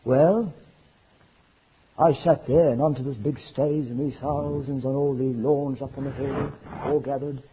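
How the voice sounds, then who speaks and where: A man preaching a sermon, swinging from loud fervent declarations to hushed near-whispers. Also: medium pitch, steady tone, a little slow. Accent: South African. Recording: tinny lo-fi sermon recording with faint noise.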